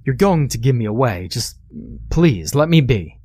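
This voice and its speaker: A man's voice: medium pitch, very animated, normal speed, dark tone, husky, dry recording, clean studio sound. A man voicing a frightened, nervous young male office worker who stammers in a panic. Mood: frantic.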